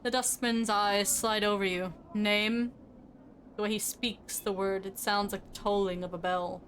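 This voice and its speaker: A woman's voice: medium pitch, flat delivery, normal speed, fairly bright tone, a little hiss or hum. A young woman streaming, reading game narration aloud in a casual, plain manner.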